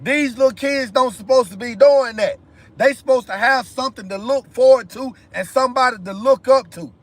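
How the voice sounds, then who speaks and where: Emphatic high-voiced man on a livestream. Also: moderate pace. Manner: emphatic, repetitive, addresses viewers directly. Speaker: live stream host. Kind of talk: impassioned commentary monologue.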